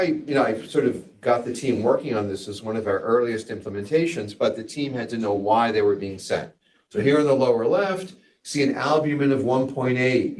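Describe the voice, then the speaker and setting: A man's voice: medium pitch, darkish tone, distant mic. A man giving a hospital grand rounds lecture as a physician, conversational and digressive with wry asides.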